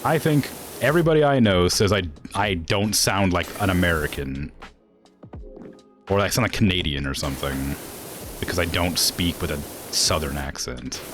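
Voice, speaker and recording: Soft music plays behind a man whose low voice has lively intonation, a fairly bright tone and normal speed. Speaking with a northwestern US accent, he's a game streamer chatting casually as he plays, full of fillers, rambling and laughing asides.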